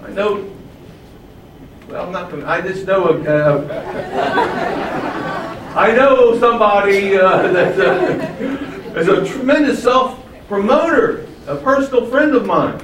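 A man's voice: sits high, animated, slow, long pauses, a crowd in the background, background noise. A man preaching a sermon, stressing key phrases and rising on them. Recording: roomy echo from far off, faint ambience.

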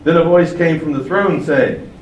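A man preaching a sermon, emphatic and fond of rhetorical questions, his loudness swinging widely from phrase to phrase. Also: a little high, moderate pace, muffled recording, a little hiss or hum. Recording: echoey room from far off, faint ambience.

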